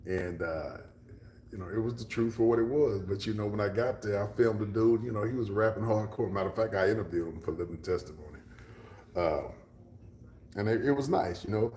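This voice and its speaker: A man's voice: fairly low pitch, fairly quick, a little mellow, reverberant, slight background noise. A man from Texas, chatting casually with livestream viewers, rambling along and dropping to a whisper for asides. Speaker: livestream host.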